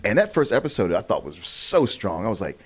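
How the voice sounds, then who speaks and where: Lively man in casual chat. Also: fairly low pitch, a little fast, breathy edge. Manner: animated, acts out his own reactions.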